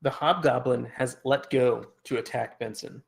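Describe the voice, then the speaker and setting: A man running a tabletop roleplaying session, his mid-pitched voice carrying a gravelly fry. He narrates and rules in a relaxed, chuckling way. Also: moderate pace. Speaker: game master.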